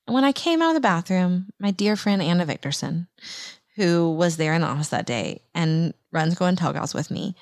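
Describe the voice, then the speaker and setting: A woman in her thirties hosting a faith podcast, telling a personal story in an animated way and acting out her own past voice. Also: no room sound, clean studio sound. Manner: animated, acts out her own quoted voice in higher pitch. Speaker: podcast host.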